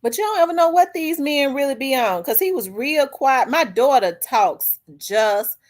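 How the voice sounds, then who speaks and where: A middle-aged woman, hosting a vlog and telling a story in a blunt, profane, animated way. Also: high voice, moderate pace. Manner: blunt, profane, animated, acts out quoted people. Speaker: vlog host. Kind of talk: candid storytelling monologue.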